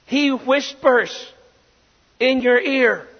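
In dull, lo-fi audio, a high-voiced pastor delivers a sermon at a measured pace, driving home his points with rhetorical questions. His words echo with a long reverb, as if filling a church sanctuary.

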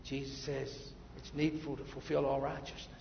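A male pastor preaching a sermon, emphatic, then dropping to quiet asides. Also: mid-range voice, level tone, normal speed, vocal fry, slight background noise. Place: church sanctuary. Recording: muffled, echoey church hall.

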